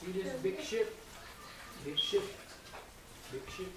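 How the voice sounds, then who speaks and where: A high school student reading a picture book aloud to young children, slow and careful, with sound effects. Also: lively intonation. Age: teens. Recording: echoey, distant, noisy.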